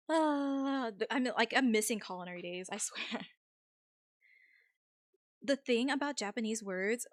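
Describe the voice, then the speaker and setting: A young woman streamer with an American accent that has a faint Vietnamese tinge, chatting casually with viewers, easygoing and quick to laugh. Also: medium pitch, dry recording, clean studio sound. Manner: easygoing, chatty, laughs often, many ums. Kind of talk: casual chat reading viewer messages.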